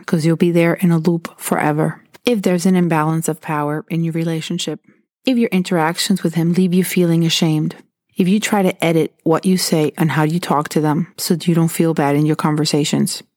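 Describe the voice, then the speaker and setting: A woman's voice: low voice, darkish tone, dry recording, studio quality. A woman talking earnestly and candidly, sharing her own experiences as advice. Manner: earnest and candid, recounting personal stories. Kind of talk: personal advice talk.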